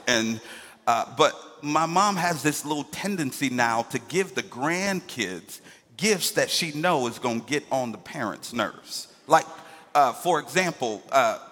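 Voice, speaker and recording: A man's voice: mid-range voice, sharp tone. A man from Connecticut preaching a sermon as pastor, telling stories and building to emphatic peaks. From Hartford, Connecticut. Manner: storytelling, rising to emphatic peaks. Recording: long hall reverb.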